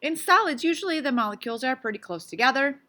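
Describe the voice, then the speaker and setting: A woman's voice: high-pitched, lively intonation, fast talker, sharp tone. A woman teaching a casual science lesson on video, playful and chatty, asking lots of questions and sometimes talking with her mouth full. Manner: talks with her mouth full while eating.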